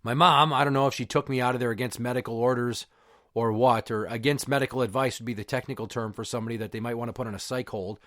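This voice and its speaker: A man's voice: medium pitch, fairly even intonation, fast, fairly bright tone, no echo, clean studio sound. A middle-aged man, hosting a podcast and telling a personal story in a blunt, profane, heated way. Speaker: podcast host.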